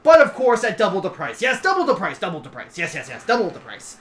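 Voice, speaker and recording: A shrill, bright two-headed dragon king, as a man puts him on in a tabletop game. He tumbles through "yes, yes, yes" with oily, greedy delight, and his two heads squabble and correct each other. The voice rides high and loud, never quite sitting still. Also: wildly swooping pitch, fast, exaggerated voice. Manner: babbles "yes, yes" over and over, heads bicker.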